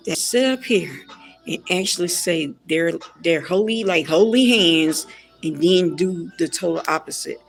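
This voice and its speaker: A woman's voice: fairly low pitch, animated, moderate pace, faint music behind. A woman giving ranting pop culture commentary in a blunt, repetitive and exasperated way.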